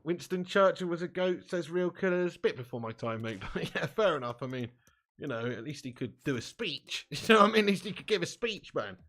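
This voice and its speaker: A man's voice: on the high side, lively intonation, fairly quick, fairly bright tone. A young British man streaming a football game live, ranting and swearing at length and laughing often between comments. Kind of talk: casual live-stream rant.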